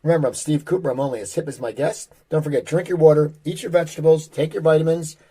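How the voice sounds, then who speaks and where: A man's voice: fairly high pitch, steady tone, fast talker, mellow, slightly rough. A man hosting an interview podcast, wrapping up the episode with upbeat plugs and a catchphrase sign-off. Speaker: talk show host.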